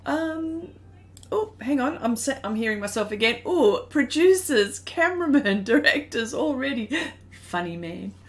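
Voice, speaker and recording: Woman, Australian accent, middle-aged, high voice, chatty, laughs often, live stream host. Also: expressive, measured pace. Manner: chatty, greets viewers by name, laughs often. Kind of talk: casual live stream chat.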